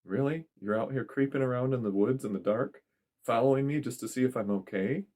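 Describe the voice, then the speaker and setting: A man's voice: medium pitch, a little fast, voice pushed up, natural voice. A man doing a startled, defensive young woman. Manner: sharp, startled questions. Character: frightened, defensive young woman crying alone.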